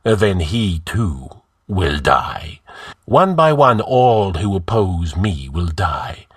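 A man's voice: low-pitched, big pitch swings, slow pace, slightly rough, dry recording, studio quality, full character voice. A man voicing an arrogant, scheming male outlaw who gives orders in a commanding, scornful way.

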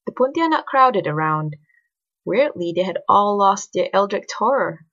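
A woman narrating a story in an expressive, scripted reading. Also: mid-range voice, a little slow. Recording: dull lo-fi recording.

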